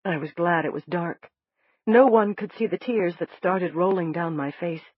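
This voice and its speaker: A woman with a low, breathy voice reads a novel aloud in the first person, soft and measured. The sound is dry and a little dull, as if from a lo-fi recording. Her telling carries a quiet emotional weight. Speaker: audiobook narrator.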